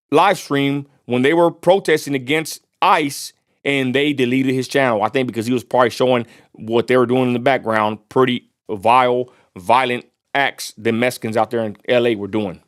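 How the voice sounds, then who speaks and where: A man's voice: mid-range voice, normal speed. A man hosting a live stream, giving blunt, scornful political commentary with a Texan accent, rambling with frequent restarts.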